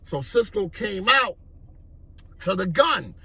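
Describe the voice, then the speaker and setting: Give me a raspy New man telling a story casually, fairly high-pitched. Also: sing-song, takes it slowly, bright, forceful tone. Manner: loose, streetwise, repeats "you know what I mean". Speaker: vlogger.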